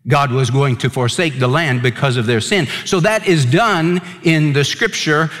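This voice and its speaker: A man's voice: a little high, moderate pace, fairly bright tone, long reverb tail. A man preaching a sermon as pastor, emphatic and repeating words for stress.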